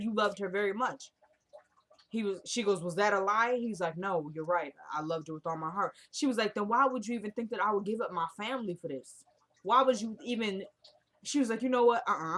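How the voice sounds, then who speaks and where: Chatty young woman recapping a TV episode. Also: medium pitch. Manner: chatty, animated, acts out the scenes she recaps. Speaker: TV episode reviewer. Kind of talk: casual chat recap.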